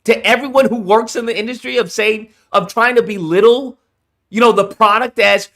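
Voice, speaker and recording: A man streaming his reaction to a game showcase rants heatedly and profanely at his viewers in a casual way. His voice is high and a bit bright, and he speaks at a moderate pace.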